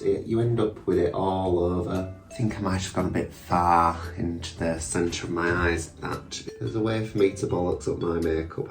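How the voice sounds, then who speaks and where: A man's voice: low-pitched, echoey room, far from the mic. A young man, chatting casually and mockingly about himself through a drag makeup tutorial, with sweary asides. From England. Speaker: drag queen vlogger.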